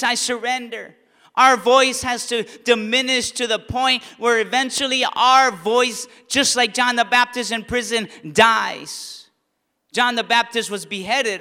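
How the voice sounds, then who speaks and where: Pastor, male, high bright tenor, impassioned sermon delivery, reverberant church hall. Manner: impassioned preaching, rising to near-shouts on key lines.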